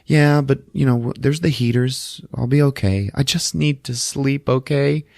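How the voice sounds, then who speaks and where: A man voicing a worn-out, grieving mother who talks in a halting, stammering way. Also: medium pitch, creaky, darkish tone, no room sound, clean studio sound, voice pushed up, close to an everyday voice. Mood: weary.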